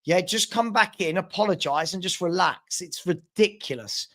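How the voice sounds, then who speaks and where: A man's voice: high voice, moderate pace, a bit bright. A man from South London with a London accent, hosting a live football transfer show and bluntly telling off commenters in a repetitive, casual way.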